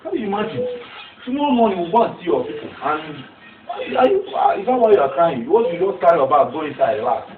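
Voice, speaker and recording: A young man , played by an actor, coaxes and reassures in a fairly high voice that swings up and down a great deal. He sounds far off in an echoey room, on a thin, phone-like line with clear noise behind him. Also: sing-song, fast talker. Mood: reassuring. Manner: coaxing, then overjoyed and exclaiming. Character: young man about to become a father. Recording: tinny, echoey, far from mic, noisy.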